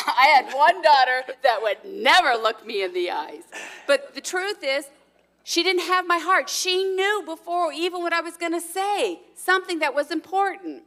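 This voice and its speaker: A woman's voice: very high-pitched, a bit bright. A middle-aged woman sharing earnestly and personally in a sermon alongside her husband. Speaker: pastor's wife, co-speaker.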